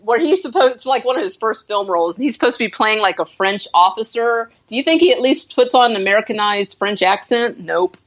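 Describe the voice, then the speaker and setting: A woman co-hosting a film podcast in relaxed, giggly chat, swearing freely. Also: on the high side, brisk, hardly any pauses. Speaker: podcast co-host. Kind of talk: casual film-review chat. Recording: dull lo-fi recording.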